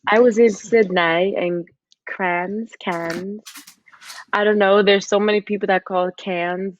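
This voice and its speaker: A woman's voice: mid-range voice, fairly even intonation, moderate pace, lo-fi sound. A woman from New York, a podcast guest chatting casually with many fillers.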